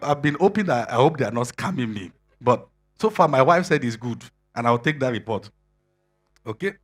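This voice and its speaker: Husky preacher man. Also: mid-range voice. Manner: conversational preaching with frequent laughter and rising shouted emphasis. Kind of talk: sermon to singles.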